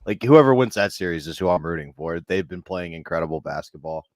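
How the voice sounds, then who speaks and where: A man's voice: deep voice, animated, fast talker, darkish tone, no room sound. A man co-hosting a casual morning chat, offering dry, laid-back remarks.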